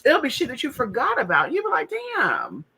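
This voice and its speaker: Sassy husky-voiced woman. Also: high voice, brisk, rough recording. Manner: sassy, profane, animated. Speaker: spiritual practitioner. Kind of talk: casual spiritual storytelling.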